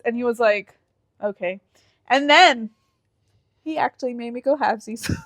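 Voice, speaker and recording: A woman co-hosting a podcast, telling stories in a casual chat, animated and teasing, laughing often and swearing casually. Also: a little high, normal speed, long pauses, no echo. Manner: animated storytelling with frequent laughs. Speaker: podcast co-host.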